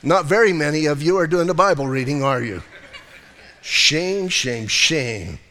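A man's voice: a little high, fast, fairly bright tone. A male pastor preaching a sermon in a conversational way, teasing his congregation. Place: church sanctuary. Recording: long hall reverb.

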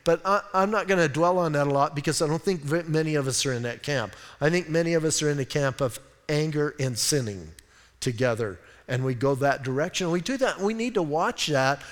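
Man, pastor, sermon, conversational storytelling, fairly high voice, reverberant church hall. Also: brisk. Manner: conversational, self-deprecating, animated storytelling. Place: church sanctuary.

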